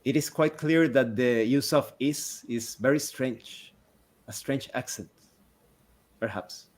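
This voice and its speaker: A man narrating a tabletop game as game master in a slow, deliberate way. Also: medium pitch.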